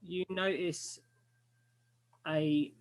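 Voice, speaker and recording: A man narrating a tabletop game as game master, pausing often with fillers. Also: on the high side, fairly even intonation. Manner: hesitant, many fillers.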